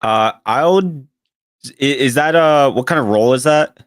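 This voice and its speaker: A man playing in a tabletop game, speaking hesitantly with many pauses. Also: medium pitch, no room sound, clean studio sound. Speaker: player.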